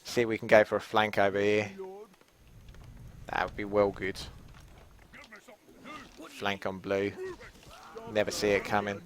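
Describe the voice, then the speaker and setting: A man's voice: lowish voice, monotone, measured pace, pauses often. A British man commenting on his game in a casual, cheeky and rambling stream chat, swearing freely. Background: game music.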